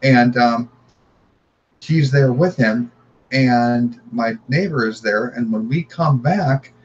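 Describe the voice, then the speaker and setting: A man's voice: mid-range voice, takes it slowly, dull audio. A man, a podcast guest, earnestly telling a personal story in conversation and often repeating his words as he goes.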